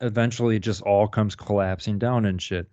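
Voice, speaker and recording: A man with a fairly low voice rambles through a podcast chat, swearing freely and laughing at his own points. The sound is dry and dull, like a cheap lo-fi recording with no room to it. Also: steady tone, a little fast, warm tone, no echo. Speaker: podcast co-host. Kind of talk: casual profane chat.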